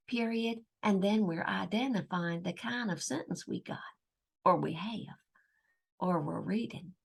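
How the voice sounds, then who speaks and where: A woman's voice: mid-range voice, creaky. A middle-aged woman teaching a children's grammar lesson, patiently drilling question-and-answer chants.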